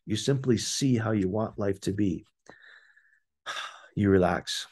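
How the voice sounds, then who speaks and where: A man's voice: on the low side, a little mellow. A man teaching a casual, enthusiastic scripture word study and explaining terms to his listeners. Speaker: bible teacher.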